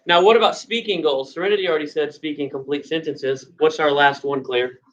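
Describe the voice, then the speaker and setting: A woman's voice: sits low, fairly quick, dull audio. A woman teacher leading young children through a lesson, patiently prompting and repeating her questions. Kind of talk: classroom instruction to young children.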